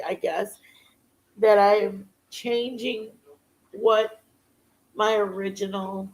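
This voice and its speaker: Through poor-quality audio comes a somewhat high, creaky, slightly mellow voice belonging to a middle-aged woman running a livestream. Her casual talk is heartfelt and rambling, broken up by frequent pauses while she hunts for words.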